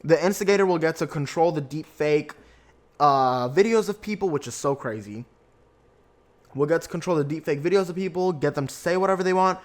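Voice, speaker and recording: A young man hosting a podcast, recapping reality TV in a chatty, animated way and acting out his own reactions. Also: on the high side, a little fast. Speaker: podcast host.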